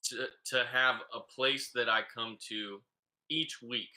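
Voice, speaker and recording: A man co-hosting a casual podcast, talking in a loose, relaxed way with many filler pauses. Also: medium pitch. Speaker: podcast co-host.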